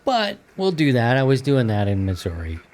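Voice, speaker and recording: A man's voice: mid-range voice, wildly swooping pitch, normal speed, a little mellow, a little hiss or hum. A middle-aged man hosting a radio hobby podcast, rambling along in easygoing, filler-heavy casual chat. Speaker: podcast host.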